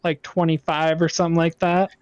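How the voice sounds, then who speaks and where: A man's voice: a little high, little pitch movement, a little fast, clear, resonant tone, no room sound, dull audio. A man chatting casually on a podcast, easygoing. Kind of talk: casual chat.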